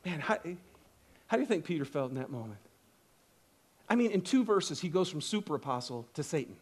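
Male pastor, high voice, animated storyteller, casual sermon delivery. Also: a little fast, slightly rough. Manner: animated storytelling, acts out quotes, casual asides.

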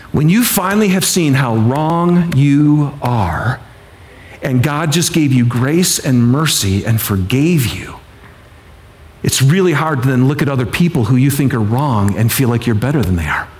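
A man preaching a sermon with passion, repeating phrases and acting out the voices of people and God, swinging from loud pleading to hushed intensity. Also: mid-range voice. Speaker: pastor.

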